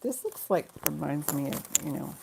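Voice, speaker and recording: A woman's voice: low-pitched, very animated, normal speed, vocal fry, noisy background. A middle-aged woman hosting a live jewelry auction stream, chatting casually and rambling, laughing often.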